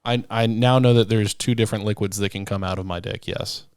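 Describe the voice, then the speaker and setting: A man's voice: on the low side, fairly even intonation, a little fast, a little mellow, a little hiss or hum. A young man co-hosting a podcast, telling stories in casual chat and laughing often. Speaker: podcast co-host.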